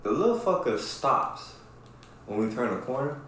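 Brief: male podcast host, swears a lot, animated storyteller, very roomy echo, faint room noise. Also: medium pitch, normal speed. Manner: profane, animated, keeps asking "right?". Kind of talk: casual storytelling chat. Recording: very echoey room.

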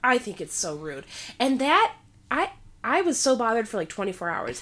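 Animated young woman venting, swearing freely. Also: on the high side, moderate pace. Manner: animated, swearing, quotes people in a raised voice. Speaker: pregnant teacher chatting with friends. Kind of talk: casual chat.

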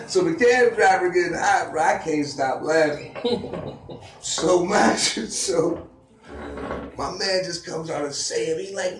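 A man who raps, telling a story in casual chat with profane slang and loud acted-out quotes. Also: high-pitched, slow pace, echoey room, far from the mic. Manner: animated, profane street slang, acts out quotes loudly. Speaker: rapper.

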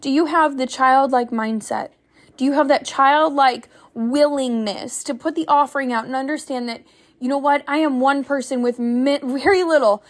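A woman's voice: sits high, fairly even intonation, normal speed. A young woman, a stay-at-home mom, giving an earnest, preachy faith-based motivational talk full of rhetorical questions as a podcast host.

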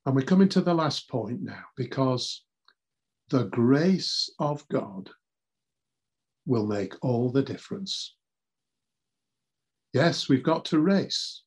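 Guy preaching a sermon, slow and earnest, bit of a husky voice. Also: mid-range voice, lively intonation, darkish tone. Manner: measured, earnest delivery with scripture readings.

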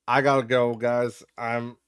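A man's voice: mid-range voice, little pitch movement, unhurried, clean tone, dry recording. A young adult man hosting a casual solo podcast, ranting with frequent swearing and lots of filler words into a close mic. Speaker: podcast host.

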